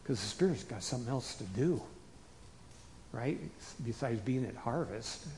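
A man preaching a conversational sermon to his congregation in a folksy way, rising to emphatic bursts and dropping to quiet asides. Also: mid-range voice, expressive, moderate pace, slight background noise. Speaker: pastor. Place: church sanctuary. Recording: long hall reverb.

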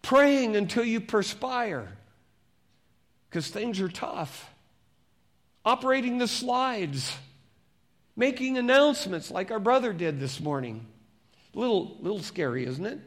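A man preaching as a pastor, reading scripture slowly and turning to the congregation with conversational questions. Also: sits high, sing-song, fairly bright tone. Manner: reads scripture slowly and deliberately.

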